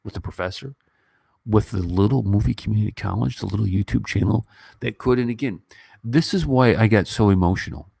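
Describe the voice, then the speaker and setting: A man's voice: lowish voice, a little fast, vocal fry, mellow, slightly rough, no echo. Rambling fifty-something man, dry close sound. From United States. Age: 50s. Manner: rambling, emotional, many fillers and restarts. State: stuffy nose from crying. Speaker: YouTube movie reviewer. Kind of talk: casual livestream chat.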